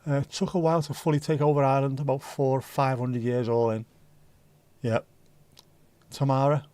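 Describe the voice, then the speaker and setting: A man's voice: medium pitch, little pitch movement, moderate pace, warm tone, clear, resonant tone, dry recording. Tired, rambling man on a livestream. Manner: rambling, reacts to chat, swears casually. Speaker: livestream host. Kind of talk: casual livestream chat.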